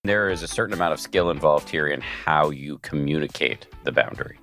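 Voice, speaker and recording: A man hosting a podcast interview, explaining in a measured way. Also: very deep voice, fairly bright tone, faint music behind. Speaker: podcast host.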